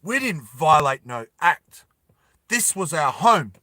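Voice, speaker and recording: A man's voice: mid-range voice, level tone, moderate pace, a bit bright, no echo, natural voice. A man voicing a protective mother from the forest who speaks up defiantly.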